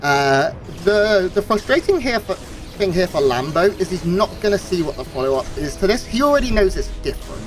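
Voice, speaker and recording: A man giving relaxed, analytical color commentary on a strategy game match, with frequent fillers. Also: sits high, a little fast, faint music behind. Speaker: esports co-caster.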